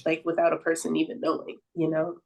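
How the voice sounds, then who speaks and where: A woman with a somewhat low voice talks as a podcast guest. She is earnest and reflective, leans on "like" as a filler and laughs easily. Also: completely flat delivery, fast, gravelly, a little mellow, poor audio. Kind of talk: casual conversational podcast talk.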